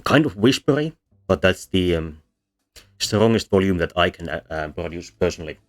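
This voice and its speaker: A man's voice: low-pitched, expressive, normal speed. A man presenting a linguistics lecture from slides, explaining step by step with frequent ums and self-corrections. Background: soft bossa music.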